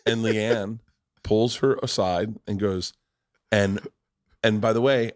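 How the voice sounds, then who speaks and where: In a laid-back podcast conversation, this fortysomething host recounts family tales, cursing often and impersonating the people involved. He speaks at a normal speed in a fairly low voice, pausing frequently.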